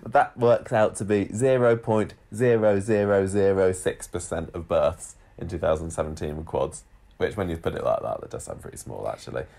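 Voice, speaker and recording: A man's voice: low-pitched, moderate pace, creaky, few pauses, mellow. A man co-hosting a podcast, chatting casually and reading out statistics with frequent restarts. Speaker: podcast co-host. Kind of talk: casual chat.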